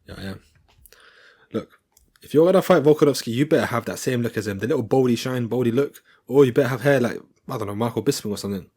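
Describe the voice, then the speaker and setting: A man's voice: mid-range voice, quick pace, warm tone, husky. A young man giving loose, jokey fight commentary at home, rambling and slangy. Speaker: fight recap vlogger.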